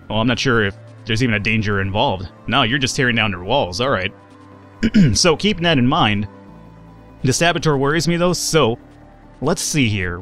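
A man's voice: medium pitch, a bit bright. A man hosting a let's play, giving loose, rambling commentary and correcting himself as he goes. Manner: rambling, self-correcting, swears casually. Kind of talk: casual gameplay commentary.

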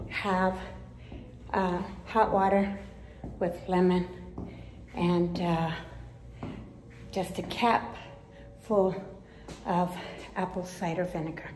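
A woman vlogger talking casually while climbing stairs, out of breath, with frequent pauses and small laughs. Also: fairly low pitch, steady tone, darkish tone, roomy sound, slight background noise, rough recording. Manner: chatty, pauses often, laughs between phrases. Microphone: handheld camera.

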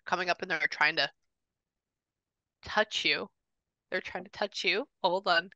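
A woman working as a psychic medium, talking casually with a client over a video call, chatty, with quick restarts and repeated phrases. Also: on the low side, sharp tone, dry recording, highs cut off. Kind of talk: casual reading session with a client.

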